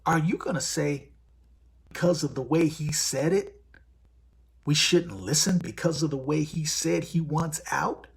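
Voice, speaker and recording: A man's voice: on the high side, a little slow, creaky, husky. A man hosting a live stream in casual talk, blunt and profane. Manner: blunt, profane, animated storytelling.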